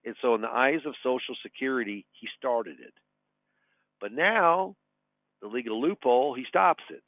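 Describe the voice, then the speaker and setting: A man's voice: medium pitch, moderate pace, dry recording. Chatty guy in his 60s teaching a webinar, tinny phone-ish audio, dead dry. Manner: folksy, chatty, tells anecdotes and chuckles. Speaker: retirement advisor. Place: his office.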